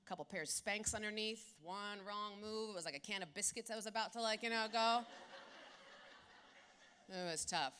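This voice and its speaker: A woman in her forties from South Philadelphia, telling stories in a keynote talk in an animated, blunt, profane way. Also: mid-range voice, normal speed, slight background noise. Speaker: keynote speaker. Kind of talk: comedic storytelling keynote.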